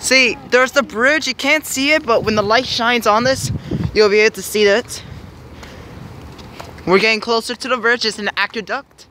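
A young man with a high, light voice narrates a handheld vlog while walking a snowy city street. He rambles cheerfully and often stalls to search for words. Traffic and street noise run loudly behind him. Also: normal speed. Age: young adult. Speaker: vlogger filming his family walk. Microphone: handheld camera.

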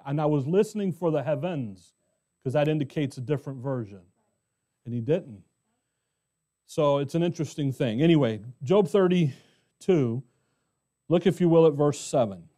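A middle-aged American pastor teaching verse by verse in a conversational way, often asking the congregation questions. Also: male voice, fairly high pitch, normal speed, pauses often, dark tone. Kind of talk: expository Bible teaching.

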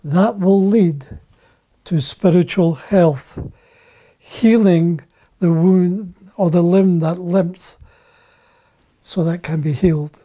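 A man preaching a Bible teaching sermon, deliberate and repeating key phrases for emphasis. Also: high voice, mellow.

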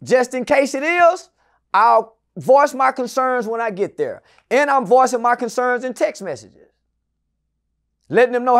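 Middle-aged male guest with a high voice, swears a lot, acts out every character in his story, loud and animated. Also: normal speed. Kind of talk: animated storytelling in a casual interview.

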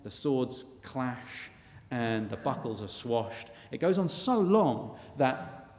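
A man's voice: mid-range voice, takes it slowly. Wry male storyteller in a church. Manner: wry, chatty, animated. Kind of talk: live comic storytelling. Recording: long church reverb.

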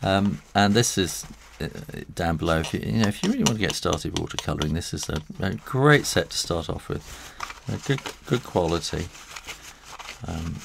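A man's voice: low-pitched, lively intonation, normal speed, creaky, background noise. A man who illustrates books, talking through a live drawing tutorial in a chatty, rambling way with frequent chuckles, working in a studio next to his house. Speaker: illustrator and author.

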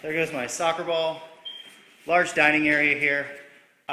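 A man's voice: a little high, normal speed, long pauses, bright, forceful tone, a little hiss or hum. Upbeat jokey man in echoey rooms. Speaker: real estate agent giving a property tour. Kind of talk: casual walkthrough narration. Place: inside a large empty house, walking room to room.

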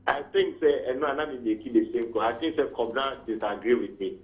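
A man's voice: mid-range voice, a little fast, muffled recording. A man with a Ghanaian accent calling a radio talk show, arguing his point in Twi and pidgin English. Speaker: caller. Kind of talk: radio call-in commentary.

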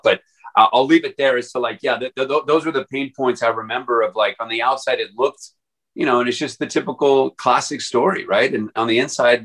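A man's voice: mid-range voice, a bit bright, poor audio. A man guest on an interview podcast, telling his story casually in a rambling way with many fillers and restarts. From Texas.

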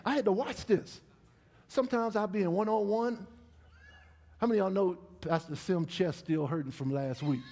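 A middle-aged man preaching a sermon in a church, with lively call-and-response to the congregation. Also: sits high, normal speed, a little hiss or hum. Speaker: pastor. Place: church sanctuary.

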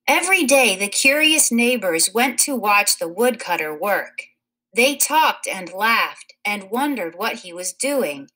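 A woman reading a children's picture book aloud in a slow, expressive way. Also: mid-range voice, low-quality recording. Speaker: story reader.

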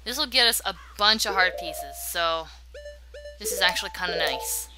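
A woman's voice: fairly low pitch, expressive, moderate pace. Joking woman doing let's play commentary. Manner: casual, joking, sarcastic asides. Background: video game music.

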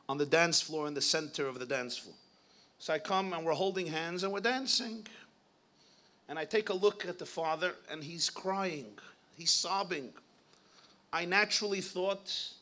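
A man giving a sermon as a rabbi, telling stories in an animated way and sprinkling in Hebrew and Yiddish terms. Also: a little high. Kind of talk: sermon storytelling.

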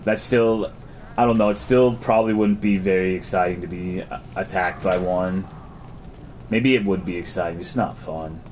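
A man's voice: low voice, moderate pace, darkish tone, slight background noise. A man streaming a game, chatting casually and crudely as he reads and answers his chat.

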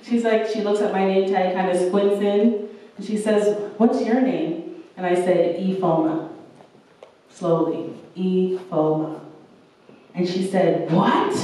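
A young woman delivers a sermon from a church hall, earnest and warm in her storytelling. She slips into the voices of the people she quotes. The sound is very roomy and heard from some distance off the mic. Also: mid-range voice, fairly even intonation, unhurried. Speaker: preacher.

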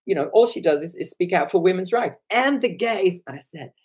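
A hoarse man talking on a live stream, retelling an encounter with animated, indignant energy. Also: sits high, fast talker. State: hoarse from shouting. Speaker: online commentator.

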